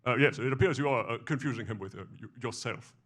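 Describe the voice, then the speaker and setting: Man impersonating a posh English romantic lead, stammering, flustered, polite, bright forceful voice. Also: medium pitch, fast, natural voice.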